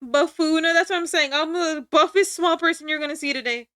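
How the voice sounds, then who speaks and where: A woman's voice: high voice, fairly quick, bright, forceful tone, no room sound, clean studio sound. A young woman streaming from home, chatting casually with her chat, play-acting anger and laughing often. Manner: playful mock-angry banter with frequent laughs.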